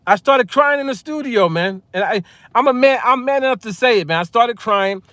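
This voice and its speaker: A New man in his forties spins a casual story straight to camera, his voice pitched notably high for a man. He talks in an animated way, repeats his phrases as he goes and chuckles often. The sound is close and dry, with no room around it. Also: brisk, no room sound. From Long Island, New York. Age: 40s. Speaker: music producer and vlogger.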